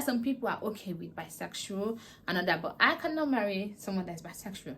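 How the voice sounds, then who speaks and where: A woman's voice: mid-range voice, animated, a little fast, vocal fry, a bit bright, a little hiss or hum. A woman vlogger casually recapping a drama series, animatedly acting out the characters' lines. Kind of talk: casual chatty plot recap.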